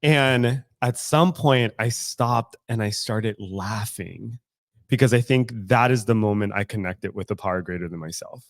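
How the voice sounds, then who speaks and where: A man's voice: on the low side, unhurried, no echo, studio quality. Candid, profane man on a podcast. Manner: candid, profane, laughs often. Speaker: guest co-host. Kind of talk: casual podcast chat. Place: recovery club in a room.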